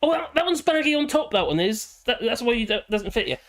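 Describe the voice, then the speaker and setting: A hoarse man hosting a live stream, chatting in a rambling, cheeky way and giggling often. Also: extremely high pitch, big pitch swings, quick pace. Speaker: livestream host. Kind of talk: casual live-stream chat. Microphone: headphones with a small speaker.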